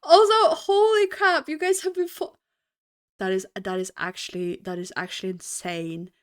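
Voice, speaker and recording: A woman's voice: on the low side, big pitch swings, moderate pace. A young adult woman streaming live, chatting casually with her viewers, laughing often and reacting to chat.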